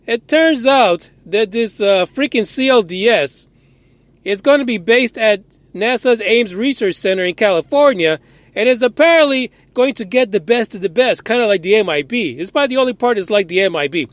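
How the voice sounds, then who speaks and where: High, lively, profane ranting man. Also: moderate pace, dry recording. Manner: profane, sarcastic, exasperated; animated, incredulous questioning. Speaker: podcast host. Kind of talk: ranting news commentary.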